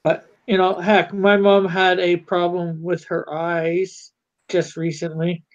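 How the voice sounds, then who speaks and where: Man, co-host, slow rambling livestream chatter, dull lo-fi audio. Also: sits high, flat delivery. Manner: rambling, hesitant, lots of fillers. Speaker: co-host of a live drawing stream. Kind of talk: casual livestream chat.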